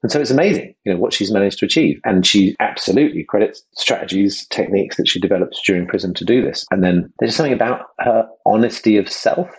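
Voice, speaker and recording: A man hosting a casual podcast conversation, enthusiastic and self-deprecating, slipping into quick impressions. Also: fairly low pitch, breathy edge, rough recording. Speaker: host and project creator.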